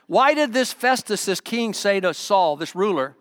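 A man preaching a sermon as pastor, emphatic and urgent, swinging between loud pushes and quiet asides. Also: high-pitched, lively intonation, normal speed, no echo, studio quality.

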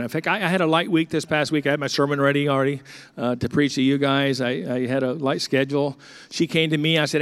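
A middle-aged man preaching a sermon as pastor, telling a story and acting out the dialogue with lively swings. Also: on the high side, brisk.

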